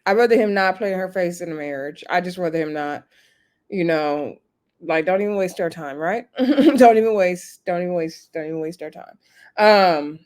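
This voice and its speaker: A woman reviewing a reality show on her channel in casual chat, expressive and slangy. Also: lowish voice, normal speed. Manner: chatty and expressive, drops into slang and acts out quotes. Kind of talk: casual recap chat to camera. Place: home setup with a ring light.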